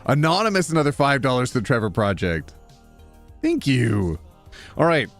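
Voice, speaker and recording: A man's voice: medium pitch, very animated, normal speed, a bit bright. Playful man streaming over faint music. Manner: playful, reads donations aloud, laughs often. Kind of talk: casual live-stream chat.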